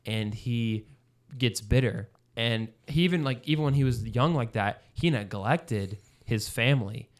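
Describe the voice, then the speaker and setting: A man co-hosts a film podcast in a casual chat, rambling with plenty of fillers and restarts. His voice is mid-range and he speaks at a measured pace.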